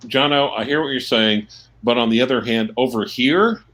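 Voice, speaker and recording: A man's voice: mid-range voice, moderate pace, a bit bright. A man calling in for a casual chat who lays out his argument step by step. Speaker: caller.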